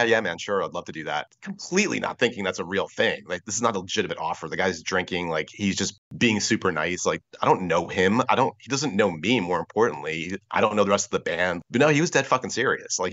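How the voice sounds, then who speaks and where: A man with a low voice tells his story at a quick clip over a video call. He gets animated, swears freely and acts out what other people said. The audio is dry and dull, like a compressed internet call. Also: dry recording. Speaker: podcast guest.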